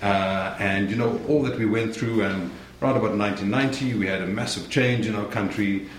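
South African preacher in a roomy church. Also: male voice, fairly low pitch, brisk. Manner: friendly and joking with the congregation. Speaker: guest preacher. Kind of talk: sermon. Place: church sanctuary. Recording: roomy church sound, faint noise.

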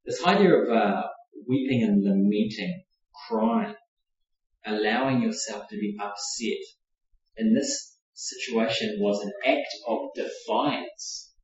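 A man preaches in a reflective, conversational way, hedging with casual fillers as he explains. His voice sits at an ordinary middle pitch. It comes from far off a dull, lo-fi mic, with heavy echo from a large room. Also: huge pitch swings, slow, darkish tone. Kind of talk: sermon teaching on a psalm. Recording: very echoey, distant mic, dull lo-fi.

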